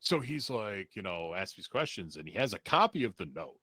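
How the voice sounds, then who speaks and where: A man's voice: fairly low pitch, very animated, fairly quick, bright, forceful tone, slightly rough, no room sound. A man on a podcast telling a rambling, profane story in a casual way, laughing now and then.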